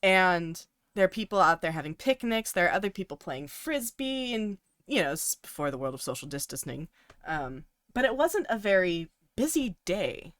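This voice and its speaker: A woman's voice: fairly low pitch, big pitch swings, moderate pace, fairly bright tone, dry recording, clean studio sound. A young woman co-hosting a podcast, telling a long story casually with many ums and likes and frequent laughs. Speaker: podcast co-host.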